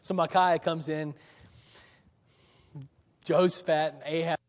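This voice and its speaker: A man's voice: on the high side, steady tone. Conversational preacher, man, in a reverberant hall. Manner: conversational, asks the audience questions, chuckles often; slows down and acts out the biblical characters' lines. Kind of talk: sermon with scripture reading.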